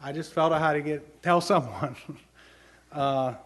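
Speaking at a measured pace, a middle-aged man delivers a sermon in a somewhat bright voice pitched higher than usual. He earnestly shares homely personal stories and builds toward emphatic questions aimed at his listeners.

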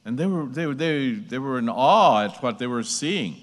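A man preaching a sermon, slow and emphatic, repeating phrases as he builds. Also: medium pitch, lively intonation, long reverb tail.

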